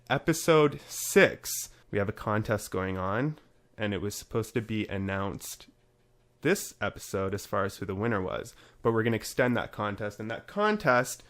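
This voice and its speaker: A man's voice: medium pitch, fairly bright tone. A man hosting a casual podcast, chatty and upbeat as he runs through promos and talks with his guest. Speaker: podcast host.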